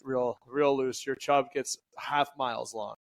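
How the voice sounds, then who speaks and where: A man from Canada in casual podcast chat, mid-pitched and talkative. He trips over his words now and then, then corrects himself and keeps going. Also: steady tone, unhurried, vocal fry. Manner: stumbling, self-correcting, chatty. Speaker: podcast co-host.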